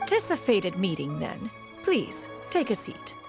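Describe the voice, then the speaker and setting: A woman's voice: mid-range voice, wildly swooping pitch, unhurried, creaky, over music, exaggerated voice. A woman voicing Cloud Retainer, a proud ancient female crane spirit who speaks in a formal, archaic way about herself as "one". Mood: measured. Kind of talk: game voice acting.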